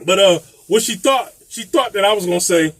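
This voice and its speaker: A man's voice: high voice, lively intonation, fairly quick, no room sound. A man casually telling a profane story, laughing often. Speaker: vlogger telling a landlord story.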